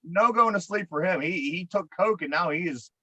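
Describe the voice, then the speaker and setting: A podcast co-host with a Pittsburgh accent tells a long, rambling story in a profane, exasperated manner. His voice is high-pitched, fairly quick and sharp, captured dry with no room sound on a dull, lo-fi podcast mic.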